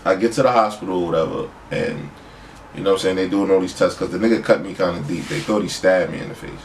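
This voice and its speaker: A man telling a street story in casual talk, acting out other people's lines in a high voice. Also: lively intonation, quick pace. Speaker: storyteller on a podcast. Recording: far from the mic, faint noise.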